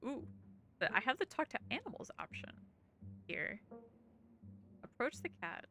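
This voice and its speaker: A giggly woman streamer talks her way through a visual novel in a very lively, up-and-down voice. Her tone is bright and a little gravelly, and she speaks at an unhurried pace. Soft game music plays in the background. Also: fairly high pitch. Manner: giggly, animated, reads game text aloud. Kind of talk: casual gaming commentary.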